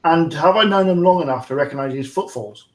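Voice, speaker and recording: A man's voice: fairly high pitch, brisk, roomy sound, heavy background noise. A man playing a tabletop game, chatting casually and thinking aloud about his character's moves. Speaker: player.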